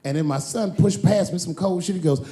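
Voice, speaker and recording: A man's voice: high-pitched, a little fast, warm tone. A man doing stand-up comedy, telling a laid-back story and acting out the other voices in it. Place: comedy stage with live audience.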